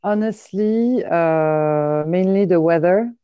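A woman from France with a French accent, French her first language, talking on a phone call in a relaxed, easily amused way with hesitant fillers. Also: lowish voice, takes it slowly, smooth, no room sound. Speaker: podcast host. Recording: dull dry phone line.

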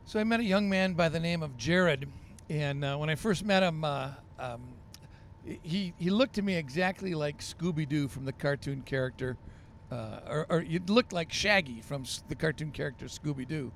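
A man, a pastor, telling stories on a podcast in a lively, animated way with frequent ums and uhs. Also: fairly high pitch, moderate pace, a little hiss or hum. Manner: animated storyteller with many fillers. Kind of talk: storytelling on a podcast.

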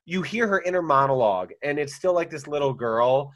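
Man, podcast co-host, very lively pitch, expressive storytelling, mimics characters. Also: brisk, a crowd in the background. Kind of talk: casual chat.

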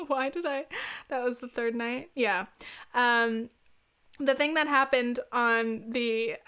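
A woman's voice: on the high side, fairly bright tone, clear, resonant tone. A woman hosting a casual solo podcast, chatty and self-deprecating, laughing often and using lots of fillers. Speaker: podcast host.

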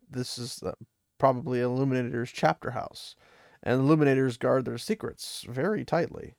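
A man's voice: medium pitch, gravelly, a little mellow, no room sound, studio quality. A man casually retelling a story in a loose, chatty way, full of fillers and small laughs.

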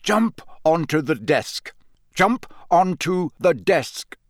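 A man voicing a gruff, paranoid old male wizard teacher who growls out slow, loud commands. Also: fairly high pitch, sing-song, no echo, studio quality, voice pushed up. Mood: commanding.

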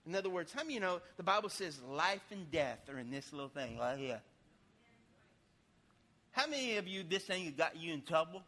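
A male pastor preaching in a church with a high, bright voice. He swings between quiet asides and loud, lively bursts, telling stories in a folksy way. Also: a little fast. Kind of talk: sermon.

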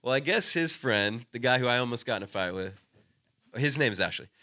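A man's voice: mid-range voice, animated, fairly quick, sharp tone, dry recording, clean studio sound. A young man co-hosting a podcast, telling a long story in casual chat, rambling with constant "like" and "dude" and heavy swearing. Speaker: podcast co-host.

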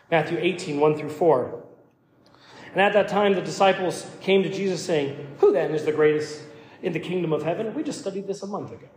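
Pastor, male, high voice, emphatic sermon delivery, booming hall reverb. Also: fairly quick, a little mellow, slight background noise. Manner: emphatic, repeats words when starting phrases. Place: church sanctuary. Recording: echoey church hall.

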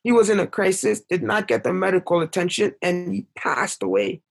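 A man's voice: sing-song, a little fast, creaky. A young man from Canada telling a painful story as a podcast guest, impassioned and full of fillers. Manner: impassioned, rises in pitch when upset, many fillers. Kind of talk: emotional storytelling in conversation.

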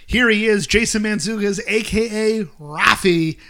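A man with a high voice hosts a casual podcast at a slightly slow pace. He animatedly recaps an episode, quoting the characters in bursts.

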